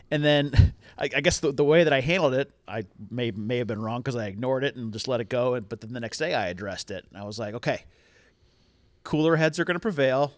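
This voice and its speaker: A middle-aged man co-hosting a podcast tells a family story in a candid, self-mocking way, with easy swearing. His voice sits at an ordinary pitch for a man. The sound is dry, with no room echo. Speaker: podcast co-host. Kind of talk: casual storytelling chat.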